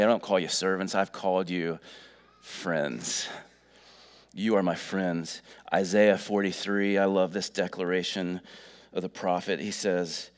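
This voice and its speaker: A middle-aged man preaching a sermon in a folksy, earnest way, full of fillers. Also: low voice. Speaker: pastor.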